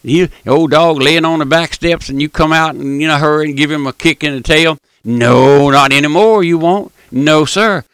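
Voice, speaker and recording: An older man delivers a homespun radio sermon in a gravelly, slightly high voice. He circles back on his points and keeps calling the listener "my friend." The recording is close and dry. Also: fairly bright tone, no room sound. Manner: folksy, repetitive, addresses listener as my friend; emphatic bursts, drawn-out stressed phrases. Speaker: radio preacher. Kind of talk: broadcast sermon.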